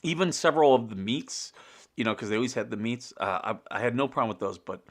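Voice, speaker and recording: A man's voice: mid-range voice, lively intonation, fast. Rambling American man hosting a morning chat. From United States. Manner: rambling, chuckling, many fillers and restarts. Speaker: show host. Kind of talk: casual morning livestream chat.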